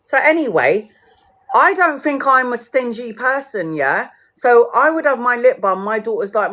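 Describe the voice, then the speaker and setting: A woman's voice: on the high side, animated, moderate pace, fairly bright tone. A woman, ranting casually to her viewers, swearing freely and laughing often as she acts out what others said. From United Kingdom. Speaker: tarot livestreamer.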